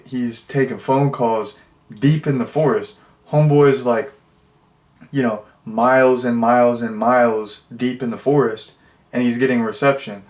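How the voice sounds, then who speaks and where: Male movie reviewer, mid-pitched, casual and rambling, filler-heavy with deadpan humor. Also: roomy sound.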